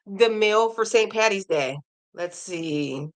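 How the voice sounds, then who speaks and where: A woman hosting a casual crochet livestream, chatting and reading viewer comments aloud with animated reactions. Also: mid-range voice, measured pace.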